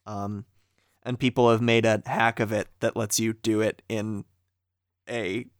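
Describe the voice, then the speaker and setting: A man's voice: lowish voice, little pitch movement, unhurried, smooth, no echo. A young man co-hosting a casual podcast, easygoing and matter-of-fact, with dry asides. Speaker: podcast co-host.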